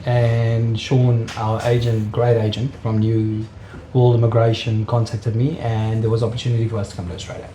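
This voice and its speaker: A man with a South African accent shares his personal faith story as an interviewee, earnest and openly emotional. His voice sits at a middle pitch. The room rings with echo, and faint ambient noise runs underneath. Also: monotone, moderate pace, mellow.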